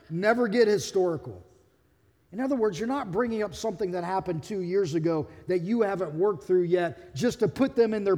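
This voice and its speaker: A man's voice: high-pitched, darkish tone, big-room sound. A man who is a pastor, delivering a sermon in a conversational, humorous way and acting out quotes.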